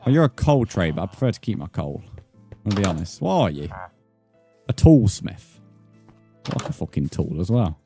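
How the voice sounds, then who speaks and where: A man's voice: low voice, big pitch swings, normal speed, pauses often, warm tone, faint music behind. A young British man live-streaming a game, chatting to viewers with blunt, sweary, mock-outraged banter. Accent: British English. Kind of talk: live-stream gameplay chat.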